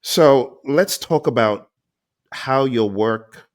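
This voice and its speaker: A man hosts a live-streamed interview with a middle-pitched voice. He exclaims often and gets excited as he reads viewer comments aloud. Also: takes it slowly. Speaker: interview host.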